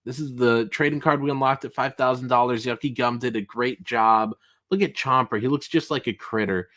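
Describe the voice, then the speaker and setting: A man hosts a casual livestream, reading chat comments aloud in a fairly quick, slightly bright voice. He plays up jokey mock outrage, his pitch rising whenever he protests.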